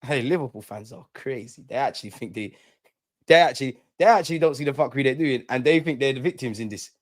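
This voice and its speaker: A man's voice: mid-range voice, fast, no room sound, clean studio sound. A young man hosting a live fan stream, ranting heatedly and repeating lines for emphasis. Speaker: fan channel host.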